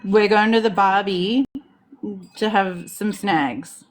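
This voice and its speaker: A woman's voice: mid-range voice, slow pace. A woman with an Australian accent, chatting casually and coaching friends through phrases on a livestream. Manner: laughs often, coaching others through phrases. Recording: livestream call audio.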